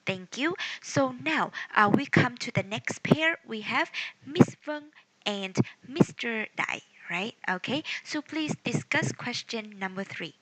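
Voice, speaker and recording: Female online English teacher, unhurried, bright tone, dry close sound, patient corrections. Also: on the high side, lively intonation, no echo, low-quality recording. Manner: patient, corrects grammar gently. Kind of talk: online class moderation. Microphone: video call.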